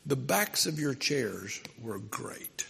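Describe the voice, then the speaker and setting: A man's voice: medium pitch, sing-song, takes it slowly, creaky, sharp tone, big-room sound, slight background noise, full character voice. A man playing a proud, plainspoken working-class upholsterer in a told story, with an earnest, matter-of-fact manner.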